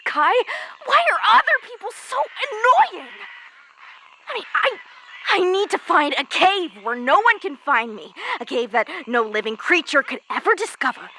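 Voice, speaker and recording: A woman's voice: very high-pitched, bright, forceful tone, a little hiss or hum, full character voice. A woman voicing a hot-tempered, lonely teen girl fire master, chatting in a voice-note monologue and answering her own questions.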